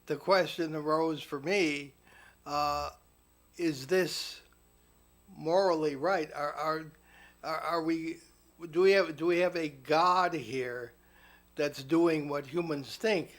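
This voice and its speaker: A man's voice: on the high side, fairly even intonation, slow pace, fairly bright tone. A man hosting a radio interview, asking thoughtful, probing questions with hesitant fillers. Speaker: radio host.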